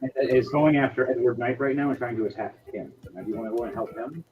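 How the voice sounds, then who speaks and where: A man's voice: medium pitch, fast talker, narrow, tinny audio, faint music behind. A man narrating as game master, rambling with lots of restarts.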